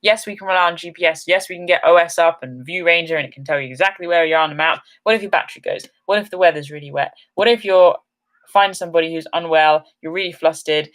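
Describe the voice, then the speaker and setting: A woman who hosts an outdoor channel answers comments during a casual live-stream Q&A. Her voice is lowish and a bit bright, and she talks fast, chatty and upbeat, rambling with lots of "um"s. She sounds slightly tired and yawns now and then.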